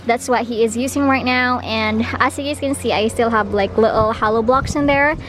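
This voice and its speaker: A young woman with a Filipino accent talks straight to her viewers in a bright, high voice. She is chatty and quick to giggle. She records outdoors on a handheld camera, with a faint hiss of noise behind her. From Philippines. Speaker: vlogger. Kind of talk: casual vlog narration. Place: outdoors at a rural house.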